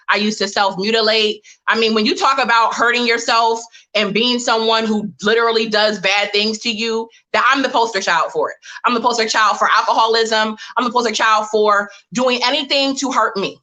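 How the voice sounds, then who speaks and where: A woman speaking to a live online audience, mixing motivational points with personal stories in a direct, lively way. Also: medium pitch. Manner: lively, direct, talks straight to the audience as "y'all". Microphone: webcam or phone mic on a live stream.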